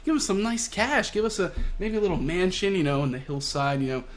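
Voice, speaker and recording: A man's voice: sits high, lively intonation, fairly quick, voice pushed up. A man voicing a greedy, daydreaming male pirate grunt.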